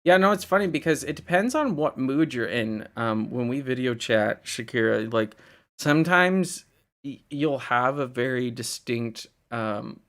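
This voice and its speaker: Gravelly young American streamer chatting. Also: male voice, medium pitch, animated, measured pace, fairly bright tone. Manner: rambling, filler-heavy, answers chat comments with frequent laughs. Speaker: live streamer answering chat. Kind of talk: casual live-stream chat.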